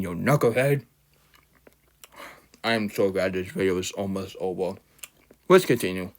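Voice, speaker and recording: A young man delivering an unscripted, heated fan rant, insulting his target and often stumbling and restarting mid-sentence. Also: fairly low pitch. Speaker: fan ranter. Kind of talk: unscripted ranting commentary.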